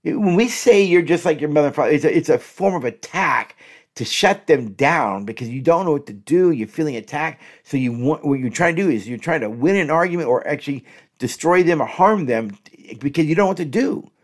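A man's voice: on the high side, expressive, fairly quick. A man hosting an instructional podcast, talking straight to his listeners as folks and repeating each example phrase twice. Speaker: podcast host and relationship coach.

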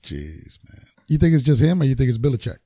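A man co-hosts a casual faith-focused podcast in a medium-pitched, warm voice, talking fast and very animatedly. He's slangy, calls people bro, and acts out quotes from his son with laughs. The sound is studio quality with no room sound.

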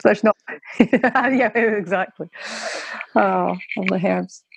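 A woman's voice: mid-range voice, takes it slowly, creaky, husky, dry recording, rough recording. A woman chatting as a podcast guest, rambling and interrupting herself, laughing often. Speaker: guest parent. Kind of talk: casual conversational chat.

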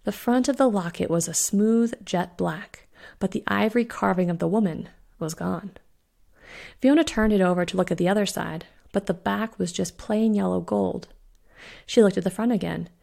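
A woman who hosts a podcast, narrating her own spooky short story in a measured, suspenseful way. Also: medium pitch, vocal fry, warm tone. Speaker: podcast host and author reading her story. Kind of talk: audiobook narration.

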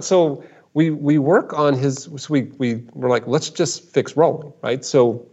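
A man with a husky, somewhat high voice speaks unhurriedly as the guest expert in a casual conversation, walking through a story. He's animated, repeating words as he builds each point and slipping into the voices of those he quotes. The sound is muffled and lo-fi.

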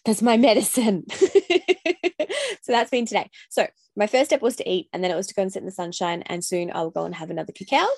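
Casting: frank, funny mum podcaster, a slightly gravelly woman, dry close sound. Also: medium pitch, no room sound. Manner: candid, swearing, laughing, acts out yelling. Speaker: podcast host. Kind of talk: casual solo podcast monologue.

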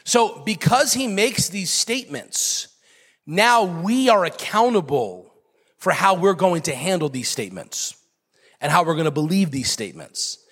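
A man's voice: sits high, very animated, a little slow, a bit bright, husky, long reverb tail. A man preaching a sermon as pastor, emphatic and repetitive, joking with his congregation. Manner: emphatic, repeats key phrases, jokes with the congregation.

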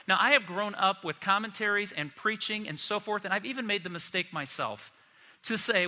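A man preaching a sermon as pastor, animated and acting out the voices of the people he quotes. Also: sits high, fairly quick. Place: church hall. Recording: long reverb of a large hall.

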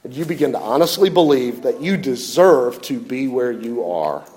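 A man's voice: mid-range voice, expressive, normal speed. Man, middle-aged, pastor, sermon, earnest storytelling, rises and drops in volume, light background hiss. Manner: earnest preaching with storytelling, shifting loud and soft.

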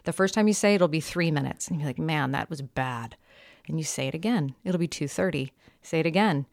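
A woman in her thirties co-hosting a podcast in casual chat, explaining things in quick, confident bursts. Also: sits low, a little mellow, dry recording, clean studio sound. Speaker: podcast co-host.

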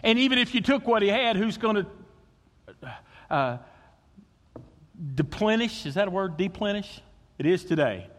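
A man preaching a sermon as pastor, swinging between loud emphasis and hushed, intimate tones. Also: sits high, big pitch swings, a little fast, in a large hall.

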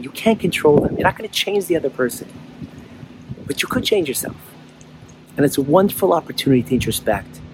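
A man's voice: a little high, a little hiss or hum. A man hosting an inspirational talk outdoors, telling a story in an earnest way and acting out the voices in it. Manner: earnest storyteller who acts out voices in the tale. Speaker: host of an inspirational talk show.

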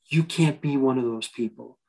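A man speaks as a guest on an interview podcast. He gives earnest motivational advice, pausing and restarting often. His voice sits at an ordinary pitch. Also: creaky, a little mellow, rough recording. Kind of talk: interview conversation.

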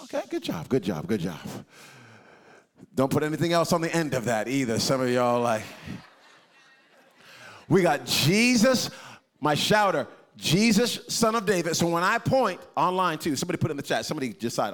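A man preaching a sermon as pastor, talking in an animated, conversational way with jokes and interaction with his live and online congregation. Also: a little high, a little fast.

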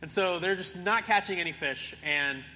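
Preaching at a moderate pace, this young male pastor has a forceful, very bright voice pitched a bit high for a man, with a faint hiss or hum in the recording. His sermon tells a story in a relaxed way, giving each character a voice of their own, while a big church's lengthy reverb trails his speech.

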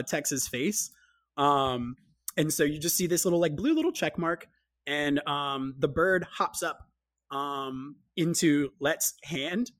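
A player describing their character in a tabletop game, chatty, with many fillers. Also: medium pitch.

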